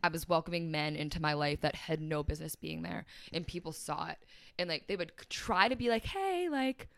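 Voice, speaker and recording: A woman's voice: sits low, expressive, brisk, creaky, dry recording. A young woman talking candidly and emotionally about her life as a podcast guest, with lots of "like" fillers and quoting others. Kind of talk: candid personal conversation.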